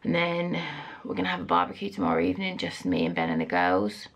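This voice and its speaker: Chatty mum with a gravelly edge. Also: female voice, rumbling low, very animated, quick pace, muffled recording. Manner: casual, chatty and frank, with some swearing. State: out of breath. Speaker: vlogger and mum. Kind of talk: chatty home vlog. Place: family house indoors.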